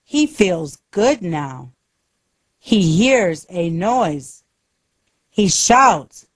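Very slow, lively woman storyteller. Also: lowish voice, no room sound. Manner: very slow, deliberate, simple sentences. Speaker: narrator. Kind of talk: scripted narration of a simple graded-reader story.

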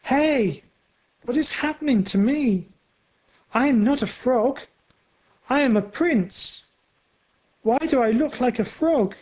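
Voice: high voice, animated, slow, pauses often, darkish tone, pitched above the performer's own voice, exaggerated voice, rough recording. A storyteller voicing a young boy, a prince turned into a frog, asking frantic questions in a storybook reading. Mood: panicked.

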